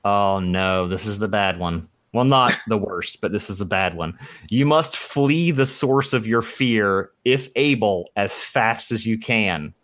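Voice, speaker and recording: A man's voice: on the low side, measured pace, a bit bright. A young man running a tabletop game as game master, reading out rules casually and swearing now and then.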